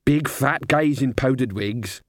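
A man's voice: mid-range voice, a little slow, no room sound, natural voice. A man doing Cliff, a simple-speaking troll. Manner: ungrammatical, plain-spoken. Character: slow simple-speaking male troll drummer.

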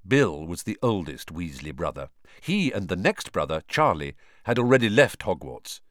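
A man narrating a storybook in an expressive, lively way. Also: deep voice, moderate pace, no echo, clean studio sound. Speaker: audiobook narrator.

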